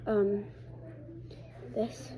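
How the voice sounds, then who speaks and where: A woman's voice: mid-range voice, fairly even intonation, very slow. A young woman showing her things in a casual home vlog, chatting with lots of fillers. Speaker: vlogger. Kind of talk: casual show-and-tell vlog. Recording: TV chatter in the background. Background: TV playing in the background.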